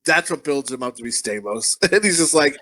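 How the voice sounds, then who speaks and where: A man's voice: fairly high pitch, lively intonation, fairly quick, pushed and bright. A man co-hosting a movie podcast, telling long crude rambling stories in casual chat, full of swearing. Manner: profane, rambling storyteller. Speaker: podcast co-host.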